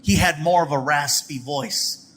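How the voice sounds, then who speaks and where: A man's voice: on the high side, unhurried. A male stand-up comedian telling stories on stage and acting out the people in them, recorded live with audience noise behind him. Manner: animated, acts out characters in voices. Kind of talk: stand-up storytelling.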